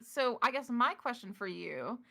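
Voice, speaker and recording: A woman's voice: on the high side, animated, a little slow, gravelly, sharp tone. A young adult woman narrating as game master in a chatty, affectionate way, with frequent ums.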